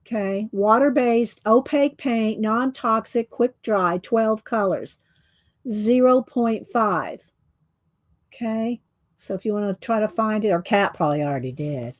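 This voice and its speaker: A woman's voice: mid-range voice, unhurried, no echo. A woman chatting casually on a livestream, short of breath and exclaiming as she reads viewer comments. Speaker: livestream host.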